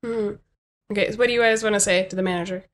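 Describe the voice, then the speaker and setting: A woman's voice: mid-range voice, fairly even intonation, fast. A woman game master narrating a comedy tabletop game, casual and hesitant with lots of ums.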